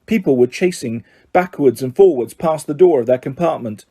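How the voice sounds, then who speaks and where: A man reading an audiobook aloud in a steady, measured storytelling manner. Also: medium pitch, slightly rough. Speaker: audiobook reader. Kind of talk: audiobook narration.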